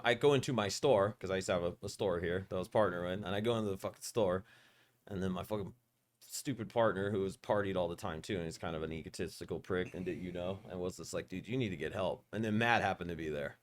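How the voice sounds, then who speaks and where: A man hosting a podcast, telling a long story in a rambling, profane, animated way. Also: sits low, a little fast. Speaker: podcast host. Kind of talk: casual storytelling interview.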